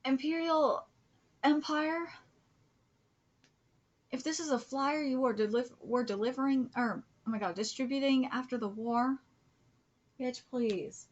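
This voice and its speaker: High-voiced woman gushing over manga. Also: unhurried, pauses often, muffled recording. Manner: gushing, swears a lot, drops into whispers. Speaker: streamer. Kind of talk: live manga reaction.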